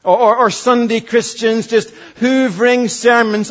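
A man in his forties preaching a sermon as pastor, earnest, dropping from loud emphasis to hushed asides. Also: very high voice, measured pace, hardly any pauses, muffled recording. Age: 40s.

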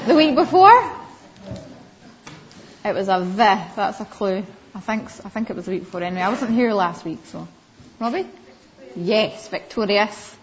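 Woman, Sunday school teacher, gentle questioning tone, medium pitch, muffled lo-fi recording. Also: slight background noise. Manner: gentle, asks children questions by name. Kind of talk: children's Bible lesson. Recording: slightly dull lo-fi recording.

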